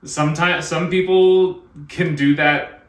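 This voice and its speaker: Easygoing male co-host chiming in, a touch higher-pitched, roomy and off-mic. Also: steady tone, takes it slowly, recorded from a distance. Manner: agreeable, chatty, short reactions. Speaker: podcast co-host. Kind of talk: casual podcast chat. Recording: echoey room, off-mic.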